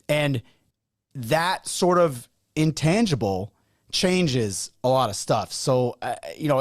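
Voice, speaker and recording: Man telling lively stories, dry sound. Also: fairly high pitch, no echo. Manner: animated storyteller acting out quoted dialogue. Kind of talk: casual podcast chat.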